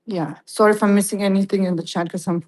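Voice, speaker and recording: A woman's voice: medium pitch, fairly even intonation, quick pace, a little mellow, rough recording. A woman streams a walk-through of an old fort museum indoors, a little out of breath. She reads the display cards aloud and chats to her viewers between exhibits. Her voice comes through a handheld phone mic. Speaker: livestream host. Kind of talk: casual livestream museum tour.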